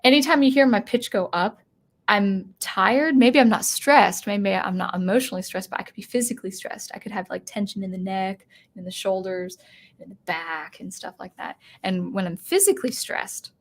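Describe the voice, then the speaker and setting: Female streamer, mid-range voice, unscripted commentary, thinks out loud with frequent restarts. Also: mid-range voice. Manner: thinking aloud, halting with restarts. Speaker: channel host and teacher. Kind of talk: live-stream commentary answering chat.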